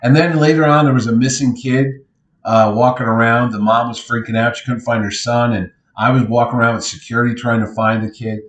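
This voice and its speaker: A middle-aged man tells convention stories in an easy podcast manner, sliding into little impressions of the people he quotes. His voice sits at an ordinary male pitch, and the room around him rings with a noticeable echo. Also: fairly quick. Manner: animated anecdotes, acts out others' lines. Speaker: convention organizer. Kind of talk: casual podcast storytelling. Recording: roomy echo.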